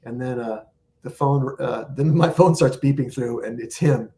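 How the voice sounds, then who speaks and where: In a casual storytelling interview, a guest musician spins a long, rambling story about life on tour, jumping between scenes and acting out people's lines. His mellow, middle-pitched voice moves at a moderate pace, with a little hiss or hum in the recording.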